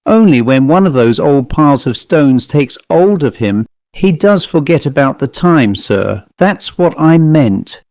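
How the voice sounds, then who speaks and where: A man's voice: a little high, expressive, a little slow, few pauses, a little mellow, no echo. A man reading an audiobook, voicing a nervous, fawning male manservant who talks in a raised, cracked voice with ungrammatical, deferential speech. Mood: startled fussing. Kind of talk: audiobook character voice.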